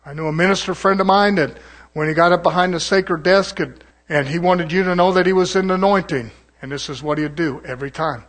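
A pastor with a high voice preaches to his congregation. The man is folksy and conversational. He drops into quick imitations of other preachers. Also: fairly bright tone. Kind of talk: sermon.

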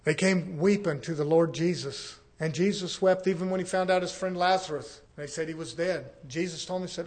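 A man with a notably high voice preaches to a congregation. He rises into loud, drawn-out scripture reading, then drops into quiet, conversational asides to the room. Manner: drawls out repeated words for emphasis. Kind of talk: sermon.

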